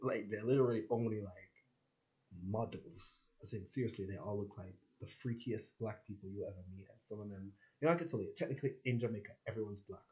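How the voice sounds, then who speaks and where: A man's voice: fairly low pitch, dark tone. Rambling young man full of fillers. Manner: rambling, heavy filler words, swearing, acts out quoted people. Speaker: vlogger. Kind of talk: casual storytelling monologue.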